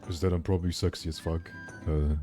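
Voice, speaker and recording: A man's voice: low voice, level tone, a little fast, warm tone, soft background music. A man from Germany with a light German accent, rambling candidly in casual chat as a streamer.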